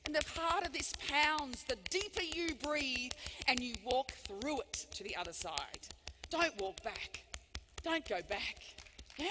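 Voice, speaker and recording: Bright emphatic woman keynote speaker. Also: high voice, moderate pace, a little hiss or hum. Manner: animated and emphatic, with big swings from loud to hushed. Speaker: motivational speaker. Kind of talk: live keynote speech. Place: large hall before thousands of people. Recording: long reverb of a big hall.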